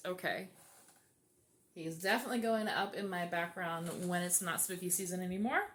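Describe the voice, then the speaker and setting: A woman's voice: mid-range voice, a bit bright. A woman vlogger chatting casually as she unboxes birthday gifts, gushing, gasping and laughing often.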